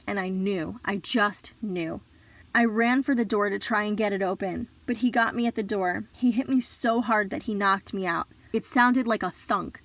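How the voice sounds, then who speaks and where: A woman reading a survivor's memoir aloud in an earnest, measured storytelling voice. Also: medium pitch, fairly bright tone, no room sound. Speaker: reader of survivor stories.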